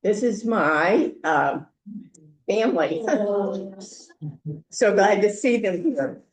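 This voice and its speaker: A woman's voice: mid-range voice, echoey room. Chatty older woman hosting a meeting. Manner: chatty, halting, with many fillers. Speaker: meeting host. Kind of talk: casual welcome remarks. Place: meeting room.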